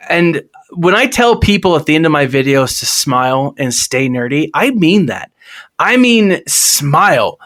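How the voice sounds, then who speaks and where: Lively, earnest male podcast guest. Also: a little high. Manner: earnest, enthusiastic. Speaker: podcast guest, video creator. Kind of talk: casual podcast chat.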